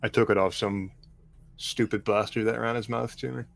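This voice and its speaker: A man putting on a gruff Irish street tough for a tabletop game. He speaks bluntly and slowly, with a low voice that carries quiet menace. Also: fairly even intonation.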